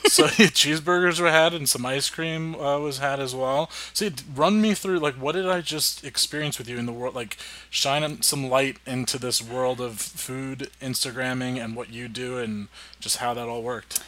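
A man's voice: mid-range voice, fairly even intonation, normal speed, few pauses, pushed and bright. Rambling, self-mocking male podcast host. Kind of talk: casual podcast chat.

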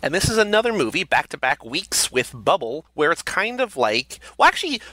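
A man's voice: on the high side, fairly quick. A man co-hosting a film podcast, talking casually and correcting himself as he goes. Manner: animated, self-correcting. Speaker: podcast co-host.

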